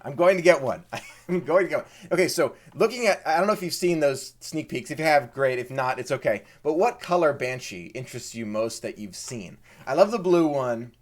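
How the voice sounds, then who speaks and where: Here a medium-pitched man from Maryland says hello to viewers on his live stream in a relaxed, chatty way. He comes across as eager and easily excited, frequently repeating himself.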